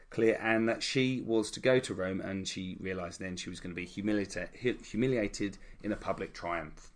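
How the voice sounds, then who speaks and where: A man co-hosting a casual history chat, retelling events with irreverent, jokey asides. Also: lowish voice. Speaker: podcast co-host.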